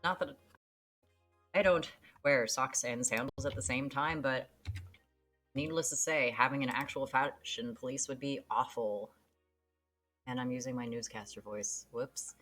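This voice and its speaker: A woman's voice: very deep voice, fairly even intonation, moderate pace, fairly bright tone, soft background music. A woman streamer giving casual, offhand commentary while playing a game.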